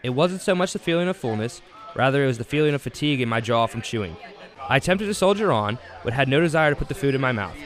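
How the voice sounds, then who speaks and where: Fast mock-epic male narrator. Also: medium pitch, lively intonation, a bit bright, some chatter behind. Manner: dramatic, grandiose. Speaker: narrator and challenger.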